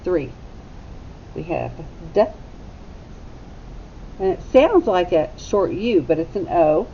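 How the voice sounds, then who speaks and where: A woman teacher giving a phonics lesson to young children, sounding out letters slowly and deliberately. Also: very animated, warm tone. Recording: slightly dull recording with faint rumble.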